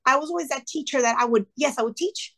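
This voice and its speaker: A woman talking as a podcast guest, telling stories in a lively way and acting out the dialogue, with a few Spanish phrases mixed in. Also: high voice, fast talker, gravelly. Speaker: podcast guest, retired teacher. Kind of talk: casual storytelling interview.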